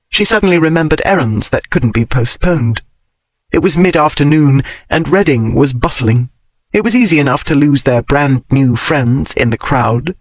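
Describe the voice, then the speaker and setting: A man narrating a historical romance audiobook in an expressive storytelling manner. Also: fairly high pitch, no room sound, low-quality recording. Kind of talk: scripted narration.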